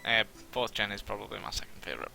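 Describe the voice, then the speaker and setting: A man giving casual let's-play commentary, rambling and self-deprecating, with a somewhat monotone delivery and lots of fillers. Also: fairly low pitch, fast, creaky, soft background music.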